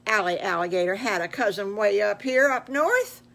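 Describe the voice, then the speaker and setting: A woman's voice: mid-range voice, expressive, normal speed, vocal fry, fairly bright tone. An older woman voicing a chatty, encouraging mother pig in a spoken children's story. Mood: cheerful.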